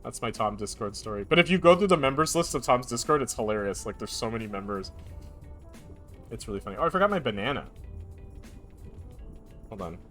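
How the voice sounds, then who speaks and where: A man's voice: medium pitch, lively intonation, fairly quick, pauses often, fairly bright tone, faint music behind. A young man streamer chatting casually on a live stream, rambling and joking, now and then baby-talking to his cat. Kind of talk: casual chat.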